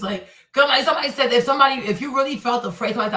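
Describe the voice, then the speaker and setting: A woman talks bluntly in a casual reaction show, her bright, sharp voice a little higher than most. She sits some way from the mic, and the room gives her an echoey sound. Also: quick pace, few pauses, recorded from a distance. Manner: blunt, animated, swears and laughs. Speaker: host.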